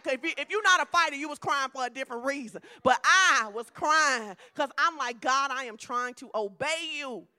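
A middle-aged woman preacher giving a lively, conversational sermon with humor. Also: high-pitched.

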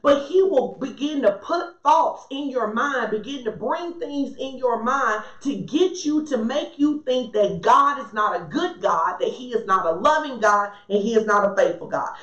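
A woman's voice: on the high side, lively intonation, normal speed, hardly any pauses, a bit bright, echoey room, muffled recording. A woman preaching a sermon in a conversational, emphatic way, often turning to the congregation for responses.

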